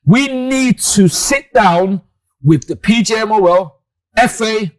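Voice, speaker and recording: High, animated excitable man. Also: takes it slowly. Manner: excitable, animated, laughs a lot. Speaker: co-host. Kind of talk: casual football chat.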